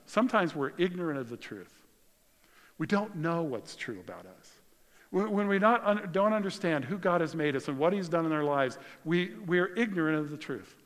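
Male pastor, conversational storyteller, slightly high voice, long church reverb. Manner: conversational, storytelling, swings from loud to very quiet. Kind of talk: sermon.

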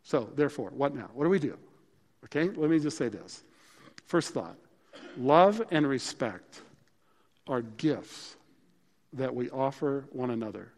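A man's voice: medium pitch, a little mellow. A male pastor preaching a sermon in a conversational, emphatic way that mixes scripture with stories. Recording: long hall reverb.

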